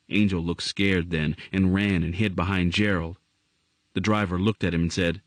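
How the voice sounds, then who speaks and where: A man reading a novel aloud as audiobook narrator, in an expressive storytelling manner. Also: low-pitched, moderate pace, no room sound. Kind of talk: scripted narration.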